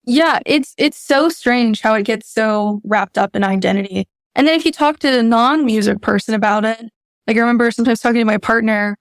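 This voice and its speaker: Brief: woman voice teacher guest, fairly high and smooth, reflective and self-deprecating, dry sound. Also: no echo. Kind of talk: candid podcast conversation.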